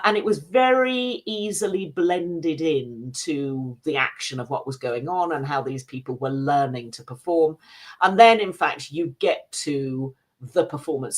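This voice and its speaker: British woman, TV critic guest, deep voice, chatty measured delivery with fillers. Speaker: film and TV critic. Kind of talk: casual review chat.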